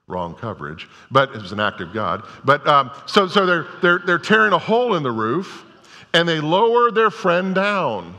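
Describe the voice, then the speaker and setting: A male pastor delivers his sermon with a bright, forceful voice that sits a bit high for a man. He retells scripture stories in a relaxed, conversational way. His voice rings out with the long reverb of a large church hall. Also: moderate pace. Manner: conversational storytelling preaching.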